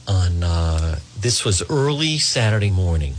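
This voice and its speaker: A man's voice: sits low, sing-song, measured pace, a little hiss or hum. A man hosting talk radio, commenting emphatically and addressing his listeners as folks.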